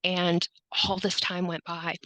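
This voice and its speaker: A woman's voice: lowish voice, level tone, a little slow, sharp tone, dry recording, low-quality recording. A woman guest on a podcast, telling her story in conversation and often quoting herself and others.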